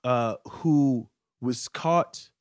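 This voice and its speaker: A man's voice: mid-range voice, very slow, darkish tone, no room sound. A man talking as a podcast guest in casual chat, easygoing and chuckling, rambling with fillers as he tells stories.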